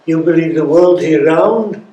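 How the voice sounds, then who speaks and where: A man's voice: on the high side, dark tone, dull audio, close to an everyday voice. A very old man imitating a wary Arab leader. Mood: questioning. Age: over 90. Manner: halting broken English. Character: Arab male community leader, broken English, wary. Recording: roomy with faint noise.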